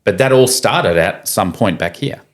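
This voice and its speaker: Deep-voiced man telling stories on a podcast. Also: moderate pace. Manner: animated, acts out quoted voices. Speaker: podcast guest. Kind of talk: casual conversational storytelling. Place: podcast studio room.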